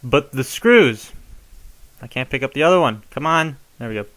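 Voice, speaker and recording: A man's voice: medium pitch, animated, moderate pace, a bit bright. A young man casually showing how to modify a toy, chatty and given to rambling asides. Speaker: toy reviewer. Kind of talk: casual hands-on tutorial.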